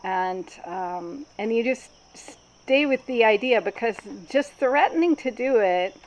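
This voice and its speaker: A woman facilitating a group workshop, explaining in a calm, explanatory way with frequent ums. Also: on the high side, takes it slowly, poor audio.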